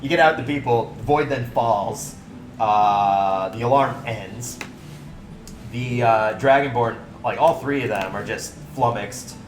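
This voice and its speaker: A man's voice: mid-range voice, measured pace, reverberant, slight background noise. A young man narrating as dungeon master in a casual, swearing, laughing way. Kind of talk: narrating a tabletop game.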